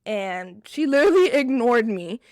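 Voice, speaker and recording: A young woman vlogger telling a storytime in casual, expressive chat, often swearing. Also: on the high side, moderate pace, no echo, clean studio sound. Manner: animated, expressive and profane.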